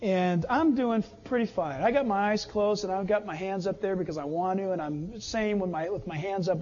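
A man preaching a sermon as a pastor, telling personal stories in an animated way and often laughing. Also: high voice, normal speed, hardly any pauses, long reverb tail, dull audio.

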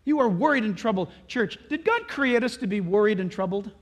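A man preaching a sermon, telling animated stories and acting out the voices of the people in them. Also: sits high, a little fast. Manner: animated storytelling, acts out voices and laughs. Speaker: pastor.

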